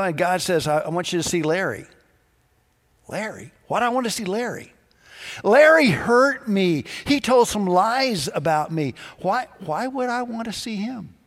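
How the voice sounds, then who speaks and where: A pastor delivering a sermon, telling stories and acting out the dialogue in different voices. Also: male voice, on the high side, in a large hall. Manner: storytelling, acts out dialogue in quoted voices.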